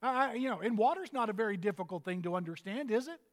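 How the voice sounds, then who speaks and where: Older male pastor from Texas, folksy storyteller, high voice, echoing hall. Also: expressive, quick pace. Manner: folksy storytelling preacher, humorous asides. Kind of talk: sermon. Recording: reverberant hall.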